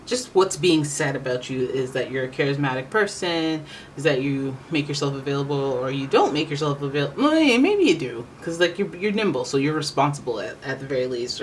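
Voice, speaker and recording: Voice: medium pitch, slight background noise, rough recording. A tarot reader giving a casual reading, talking in a rambling, chatty way that keeps correcting itself.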